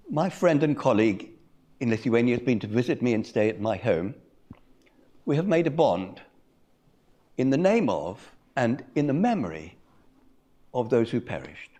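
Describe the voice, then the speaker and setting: An older man speaks in a measured, reflective way, pausing often as he recounts a personal story to a conference audience. His pitch rises and falls a lot, and his voice sits in a middle register. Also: a little mellow. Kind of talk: personal story told in a talk.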